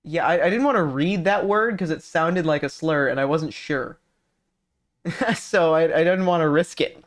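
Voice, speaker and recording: A man's voice: a little high, moderate pace. A man streaming, chatting casually with viewers, rambling, swearing and restarting his sentences. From California. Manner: animated, profane, rambling with many restarts. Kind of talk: casual stream chat reading viewer messages.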